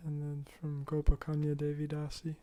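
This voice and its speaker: A man reads listener comments aloud in a completely level monotone. His voice is mellow and dark, and he keeps a steady pace over an online call. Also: a little high, normal speed, a little hiss or hum. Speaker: reading out listener messages.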